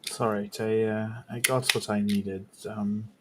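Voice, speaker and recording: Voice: mid-range voice, little pitch movement, a little slow, background noise. A player in a tabletop role-playing game, speaking expressively in character.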